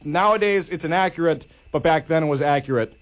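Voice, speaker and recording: A young man co-hosting a casual podcast, chatting about a movie and correcting details quickly. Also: on the high side. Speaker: podcast co-host. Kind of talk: casual movie review chat.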